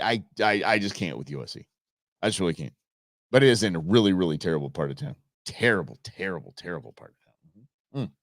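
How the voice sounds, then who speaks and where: A man hosts a casual live stream, chatting straight to his viewers and wandering through anecdotes with restarts and asides. His voice swings widely in pitch as he tells stories. The sound is dry and close. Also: no echo. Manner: animated storyteller, frequent restarts and asides to chat. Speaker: live show host.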